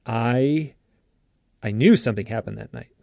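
A man with a gravelly, fry-edged voice tells an earnest story as an interview guest. He is lively and keeps restarting his sentences. The sound is close and dry. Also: medium pitch, unhurried, no room sound. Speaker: author and guest. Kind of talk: animated storytelling.

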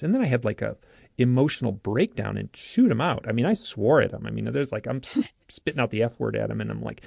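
A man with a gravelly, fry-edged voice tells an earnest story as an interview guest. He is lively and keeps restarting his sentences. The sound is close and dry. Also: mid-range voice, quick pace, no echo. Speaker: author and guest. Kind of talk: animated storytelling.

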